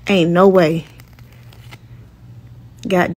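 A woman's voice: mid-range voice, expressive, a little slow, pauses often, a little hiss or hum. A young woman talking frustrated to her viewers in a casual vlog. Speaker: vlogger.

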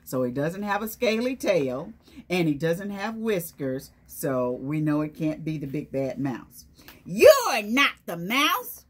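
A woman's voice: low voice, expressive, unhurried, darkish tone, breathy edge. A woman reading a picture book aloud to young children, stopping often to ask them questions and call on them by name. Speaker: children's storytime presenter.

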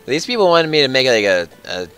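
A man chatting his way through a video game, his pitch jumping all over the place as he jokes and mutters to himself. He sits at a middle height in his voice, casual and playful. A faint strain of game music runs underneath. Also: very animated, brisk, a bit bright. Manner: playful, joking, thinking aloud while playing. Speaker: gaming channel host. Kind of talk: casual let's-play chat.

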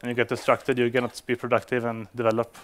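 At a developer conference, a Swedish man talks in non-native English, hesitant, with frequent fillers and restarts. He speaks fast in a mid-range voice with a completely flat delivery.

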